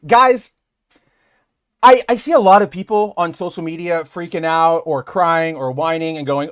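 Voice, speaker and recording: A man co-hosting a casual podcast, rambling and animated as he talks straight to viewers. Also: on the high side, moderate pace. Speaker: podcast co-host. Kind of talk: casual chat.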